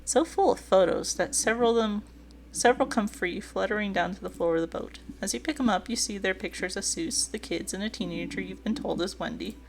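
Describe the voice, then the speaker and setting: A woman's voice: medium pitch, a little fast, creaky, a little hiss or hum. Giggly woman reading a dating game. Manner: giggly, gushing asides. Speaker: streamer.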